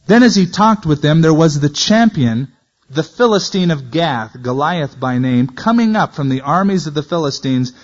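A man's voice: a little high, darkish tone. A man teaching verse by verse from the Bible, reading scripture aloud and then adding casual, conversational comments. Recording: dull lo-fi recording.

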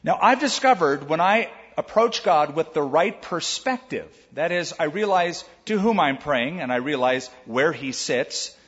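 An older man preaching a sermon as pastor, in a conversational, animated way with asides to his listeners. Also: a little high, measured pace, few pauses, big-room sound, muffled recording.

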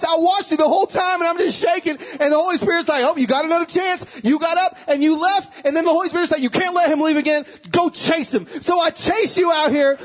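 A man doing an excited old Southern redneck. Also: very high voice, dull audio, voice pushed up.

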